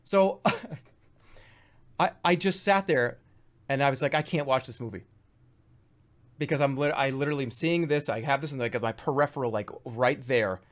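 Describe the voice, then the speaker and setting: A man in his thirties streaming, rambling through comic stories in an animated, swearing storytelling way. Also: medium pitch, moderate pace.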